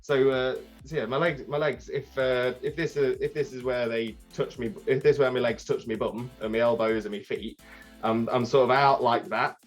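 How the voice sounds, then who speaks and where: A man, a podcast guest telling a rambling, animated story with many restarts. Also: medium pitch, moderate pace, soft background music. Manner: animated, acts out crowd voices. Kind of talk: casual storytelling.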